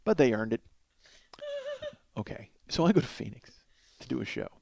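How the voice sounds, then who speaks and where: A man's voice: mid-range voice, huge pitch swings, normal speed, creaky, warm tone. A man in his forties hosting a comedy podcast, rambling through absurd running bits and laughing at his own jokes. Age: 40s.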